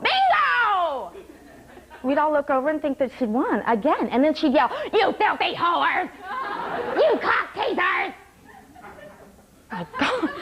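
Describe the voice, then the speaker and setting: A woman's voice: a little high, a little hiss or hum, rough recording. A woman performing a wry one-woman comedy show on a small theater stage, laughing between lines.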